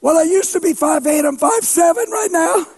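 A preacher telling a story in a sermon, animated and funny, breaking into shouts for emphasis and poking fun at himself. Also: male voice, very high-pitched, normal speed. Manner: animated, shouts for emphasis, playful self-mocking humor.

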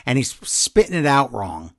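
Male podcast co-host, wry and agreeable, lively pitch, dry close mic. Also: no room sound. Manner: wry, quick reactions, agreeable. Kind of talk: casual wrestling recap chat.

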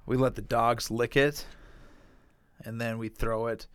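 A man co-hosting a podcast, telling stories in a casual, profane and animated way. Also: medium pitch, a little slow, smooth, dry recording, clean studio sound. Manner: profane, animated storytelling with frequent laughs. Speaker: podcast co-host.

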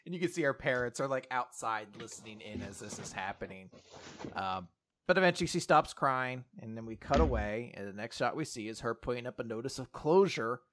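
A man's voice: medium pitch, expressive, fairly quick, fairly bright tone. A man co-hosting a casual chat, retelling a story and acting out the characters in exaggerated voices. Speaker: podcast co-host.

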